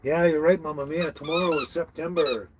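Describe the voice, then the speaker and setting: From a tiny house on wheels, a male livestream host with a voice on the high side greets each viewer by name, talking a little fast in a friendly, chatty way. The audio is very noisy.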